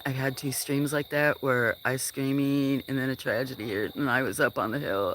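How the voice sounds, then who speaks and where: A farm live streamer chatting outdoors at night, rambling through stories and often dropping to a hush. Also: mid-range voice, normal speed, a little hiss or hum. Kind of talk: casual live-stream chat. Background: crickets chirping.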